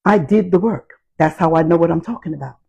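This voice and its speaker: A woman giving a motivational talk on healing, speaking in slow, emphatic, repetitive phrases. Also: lowish voice, creaky, warm tone, slightly rough, muffled recording.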